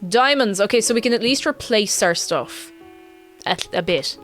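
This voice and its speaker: With faint music behind her, a woman streams a game and chats casually with viewers, rambling and giggling between asides. Her mid-range voice is animated and moderately paced.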